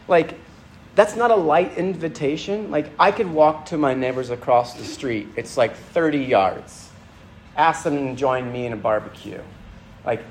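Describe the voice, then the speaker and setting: A man's voice: mid-range voice, darkish tone, slight background noise. A man preaching a sermon in a loose, conversational way, with many restarts and acted-out quotes. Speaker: pastor.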